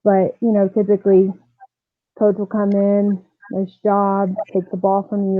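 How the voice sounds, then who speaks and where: A woman softball coach telling her personal story as a podcast guest, earnest and animated, with frequent fillers. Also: mid-range voice, measured pace, no room sound. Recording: tinny phone-like dry line.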